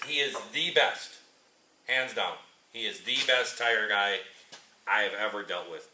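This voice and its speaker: A man's voice: lowish voice, bright, forceful tone. A man who drives a truck for a living, chatting in a rambling, repetitive way as he tells a story in his vlog from a repair shop. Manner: rambling, chatty, repeats himself. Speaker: trucker and channel host. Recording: echoey shop, mic at a distance.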